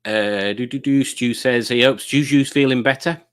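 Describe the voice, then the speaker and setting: A middle-aged man hosting a relaxed livestream. He rambles cheerfully from one viewer comment to the next, with an easygoing, chatty delivery and an ordinary mid-range voice. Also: medium pitch, normal speed, clear, resonant tone. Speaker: livestream host. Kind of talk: casual livestream chat reading comments.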